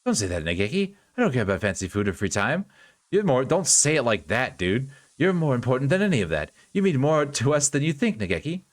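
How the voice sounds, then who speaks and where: A man voicing a caring, devoted young woman in a visual novel read-through, speaking softly and pleadingly. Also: medium pitch, big pitch swings, fairly quick, natural voice. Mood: tender. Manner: soft, pleading and tender.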